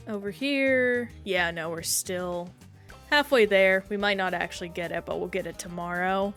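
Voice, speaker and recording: A woman streamer chatting casually while playing a game and answering chat, talking in a self-reflective, rambling way. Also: medium pitch.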